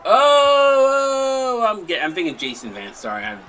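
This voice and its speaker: A man hosting a live stream, mixing casual chat with excited play-by-play calls. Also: mid-range voice, quick pace, breathy edge, poor audio. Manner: chatty, jokey, breaks into excited shot calls. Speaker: play-by-play commentator and stream host.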